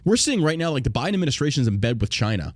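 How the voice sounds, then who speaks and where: Profane, combative podcast host. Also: male voice, medium pitch, sing-song, racing, dry recording. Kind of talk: ranting podcast commentary.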